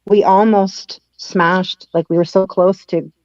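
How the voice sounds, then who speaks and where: A woman's voice: medium pitch, fairly even intonation, slow pace, darkish tone, dry recording. A woman guest in an interview, telling a personal story and acting out the lines of people in it. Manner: acts out quoted dialogue, laughing at times. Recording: dull lo-fi sound, dry.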